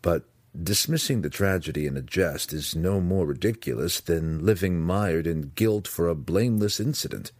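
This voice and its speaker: A man reading aloud, voicing an earnest young male dark elf warrior who speaks with pressing intensity. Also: low-pitched, moderate pace, few pauses, no room sound. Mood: intense.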